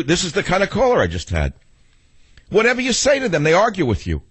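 A man's voice: sits high, wildly swooping pitch, quick pace, fairly bright tone, slightly rough, no room sound. A middle-aged man hosting a talk radio show, combative and sardonic, rambling between arguing with callers and monologue.

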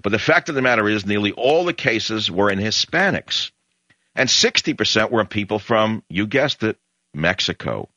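A man's voice: lowish voice, animated, moderate pace, sharp tone, no room sound. A man hosting a talk radio show, ranting in a combative, sarcastic way. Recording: dull lo-fi radio broadcast.

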